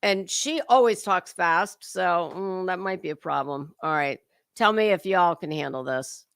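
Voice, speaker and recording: A woman's voice: fairly low pitch, measured pace, gravelly, fairly bright tone, clear, resonant tone, dry recording, clean studio sound. A woman hosting a casual livestream commentary, chatty and swearing freely as she greets her chat viewers by name.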